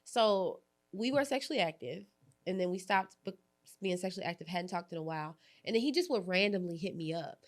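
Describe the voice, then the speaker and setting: Lively woman podcast host telling stories. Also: fairly low pitch, brisk. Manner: animated storytelling, acts out quoted lines, frequent laughs. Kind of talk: candid podcast conversation.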